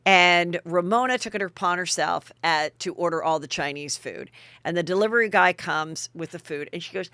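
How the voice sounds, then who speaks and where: A woman's voice: fairly low pitch, normal speed, sharp tone, clear, resonant tone, dry recording. A woman hosting a podcast, chatting gossip with sarcastic asides. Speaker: podcast host. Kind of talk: gossip commentary.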